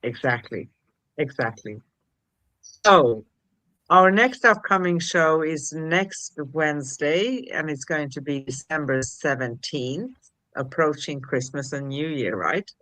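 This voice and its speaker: A woman co-hosting a spiritual livestream, talking gently and reading affirmations in a soothing way. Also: sits low, lively intonation, takes it slowly, no room sound, rough recording. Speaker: co-host.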